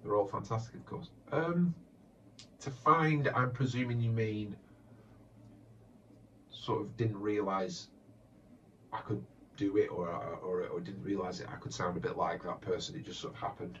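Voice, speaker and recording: A man with a very low voice answers fan questions in a hesitant, chatty way, full of restarts. He sounds distant from the mic, and the recording is dull and lo-fi with faint background noise. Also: measured pace, long pauses, fairly bright tone. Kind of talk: casual Q&A chat.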